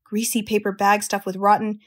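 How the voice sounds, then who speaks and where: A woman's voice: mid-range voice, level tone, brisk, fairly bright tone, lightly acted. A woman doing a knowing old sheep. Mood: coaxing.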